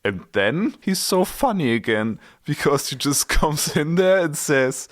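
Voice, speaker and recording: Lively-voiced podcast co-host reading aloud. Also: medium pitch, unhurried, few pauses. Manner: amused, reads passages aloud. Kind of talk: casual book-club chat.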